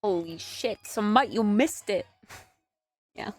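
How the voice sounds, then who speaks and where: A woman's voice: mid-range voice, expressive, takes it slowly, darkish tone. A woman in her twenties, a streamer in casual live-stream chat, giggly and chatty with lots of "like". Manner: giggly, chatty, filler-heavy with "like".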